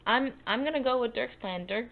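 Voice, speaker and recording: A woman playing a tabletop game, talking softly and hesitantly with frequent stammers, over a tinny phone-like line. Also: a little high, fairly quick, slight background noise. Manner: soft-spoken, hesitant, stammering. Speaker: player. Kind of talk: tabletop game play, casual chat.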